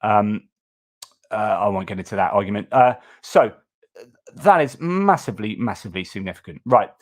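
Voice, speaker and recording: A man's voice: on the low side, normal speed. Man hosting a news livestream. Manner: animated, indignant, frequent restarts and asides. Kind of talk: casual news commentary livestream.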